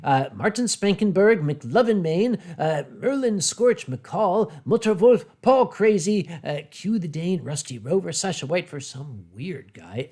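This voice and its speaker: A man hosting a casual drinking livestream, talking in a blunt, brash and animated way. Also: high-pitched. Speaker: livestream host. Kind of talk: casual drinking-stream chat.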